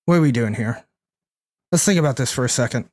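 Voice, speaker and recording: A man's voice: mid-range voice, expressive, quick pace, a little mellow. A young man streaming a card game, chatting casually, thinking aloud and answering his chat. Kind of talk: casual live-stream commentary.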